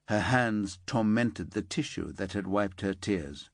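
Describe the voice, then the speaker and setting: A man narrating a thriller audiobook in a steady, sombre way, on a close studio mic. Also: deep voice, measured pace, hardly any pauses, no echo. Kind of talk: scripted narration.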